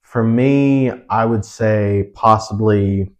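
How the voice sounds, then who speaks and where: A young male podcast co-host with a somewhat low voice. He chats casually and rambles, looping through fillers and false starts as he thinks aloud. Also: takes it slowly. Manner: rambling, lots of fillers and restarts. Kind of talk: casual chat.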